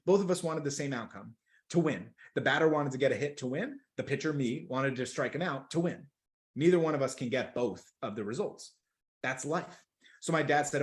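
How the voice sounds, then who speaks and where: A young man coaching sales in a webinar, energetic and emphatic, repeating words for stress. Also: medium pitch, brisk. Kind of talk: webinar teaching. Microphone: video call.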